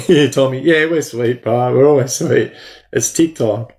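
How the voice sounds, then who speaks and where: A man's voice: mid-range voice, unhurried, darkish tone. A middle-aged Australian man hosting a casual livestream, answering viewers by name in slangy talk full of "bro". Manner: slangy, talks to chat by name, says "bro" a lot. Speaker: livestream host.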